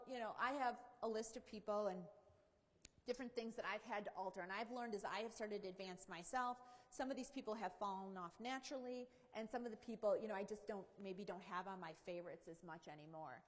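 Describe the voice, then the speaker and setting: A woman giving a conversational motivational keynote talk at a seminar, often saying "you know". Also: on the high side. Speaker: keynote speaker. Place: large conference hall. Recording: long hall reverb.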